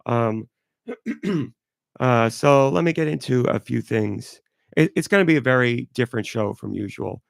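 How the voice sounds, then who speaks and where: Hoarse, gravelly male podcast host. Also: fairly low pitch, moderate pace, no room sound, studio quality. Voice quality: stuffy. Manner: rambling, loose and apologetic. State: hoarse and sick. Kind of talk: casual live podcast chat.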